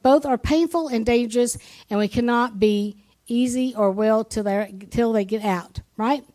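High-voiced woman preaching conversationally. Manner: conversational, asks the congregation questions; frequent restarts and repeated words. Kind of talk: sermon.

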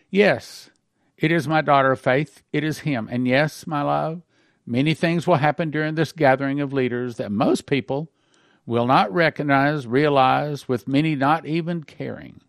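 Male pastor, middle-aged, somewhat high voice, earnest and emphatic, reads and comments, dry close mic. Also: creaky, dry recording. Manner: earnest, emphatic, breaks in to explain and warn. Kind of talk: reading a dream aloud with sermon commentary.

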